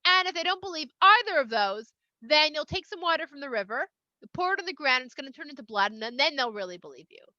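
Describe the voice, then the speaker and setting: Speak as God the way a friendly, unhurried boss would: casual, chatty and reassuring, as a woman doing the voice, high and bright, in a dry, slightly dull recording. Keep the slang easy and never booming. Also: lively intonation, no room sound. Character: God, a casual, patient, all-powerful voice.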